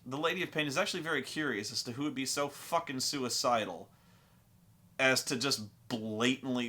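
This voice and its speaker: A man's voice: medium pitch, sharp tone. A man telling a tabletop gaming story in casual, profane, rambling fashion. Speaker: storyteller and host.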